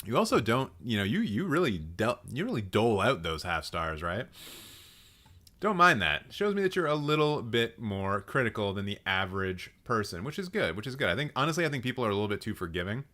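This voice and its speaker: A man's voice: fairly low pitch, sing-song, a little fast, pushed and bright. A man hosting a live stream, giving blunt, sarcastic commentary and swearing freely. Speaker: host.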